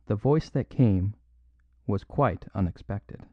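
A man narrating a classic mystery story in a measured, even reading. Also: fairly low pitch, no room sound, dull audio. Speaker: audiobook narrator.

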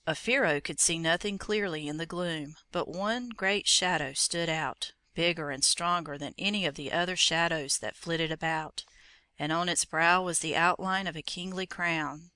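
Bright, dry storybook narrator. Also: mid-range voice, no echo. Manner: steady, measured storytelling.

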